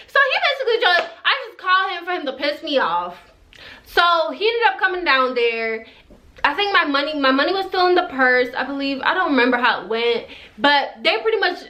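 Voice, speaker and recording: A young woman who immigrated to the US chats through a casual storytime vlog, rambling and laughing along the way. Her voice sits high with a sharp tone.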